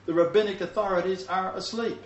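His voice sits high and moves a little fast with fairly even intonation as he preaches, reading scripture with fervent emphasis and scornful asides. The audio is roomy, distant, and dull, with faint ambience.

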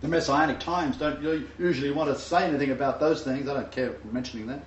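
Talking fast in a mid-range voice, the preacher reads scripture, pressing his points fervently and adding scornful asides. The recording is roomy, distant, and dull, with faint ambience and a little hiss or hum.

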